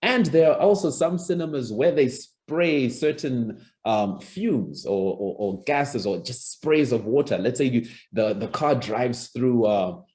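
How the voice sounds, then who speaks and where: This is a man's expressive mid-range voice, a little slow, dark in tone, with few pauses. Working as a public speaking coach, he teaches presentation skills online in a conversational way, often starting over and acting out example lines.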